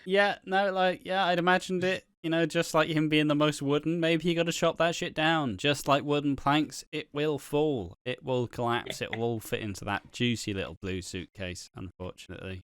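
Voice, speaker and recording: A man co-hosting a casual TV review podcast, animated and sweary. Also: on the high side, moderate pace, few pauses, clear, resonant tone, no room sound, studio quality. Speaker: podcast co-host. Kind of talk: casual chat.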